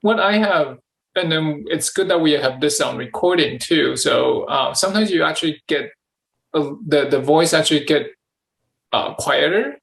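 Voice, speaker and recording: A man's voice: on the high side, normal speed, vocal fry, a bit bright, rough recording. A man in casual conversation who speaks hesitantly, repeating himself with many restarts and fillers. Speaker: channeling practice partner asking questions.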